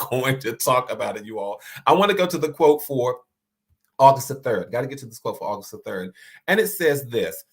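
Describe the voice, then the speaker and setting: Earnest man with a lowish voice. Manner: earnest, repeats key phrases for emphasis. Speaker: host. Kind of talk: inspirational talk to viewers.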